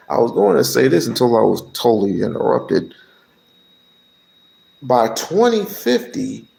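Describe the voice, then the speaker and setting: A man co-hosting a call-in livestream, giving slow, lecturing commentary. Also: mid-range voice, gravelly, mellow. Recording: roomy echoey room.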